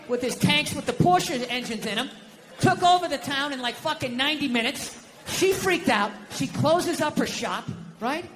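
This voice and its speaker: Loud ranting man doing stand-up. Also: very high voice. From United States. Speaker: stand-up comedian. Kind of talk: stand-up comedy set. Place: comedy stage before a live audience. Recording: echoey live hall with crowd noise.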